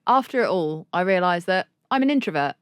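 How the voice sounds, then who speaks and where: A woman tells a wild story as a podcast guest, her voice set slightly low. She talks in an unfiltered, vivid way and swears freely. The recording is dry, with no room sound. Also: expressive, brisk, smooth, no room sound. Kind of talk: casual chat, anecdote.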